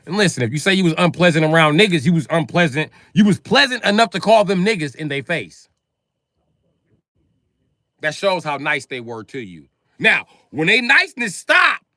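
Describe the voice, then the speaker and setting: A male comedian rants through a live comic monologue. His voice swings widely, and its tone is bright and forceful. The sound is dry and close, and he acts out loud, profane scenes from everyday life. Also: fast talker, no echo. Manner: profane, animated storytelling that acts out both sides of conversations; jumps to loud high shouts when acting out scenes.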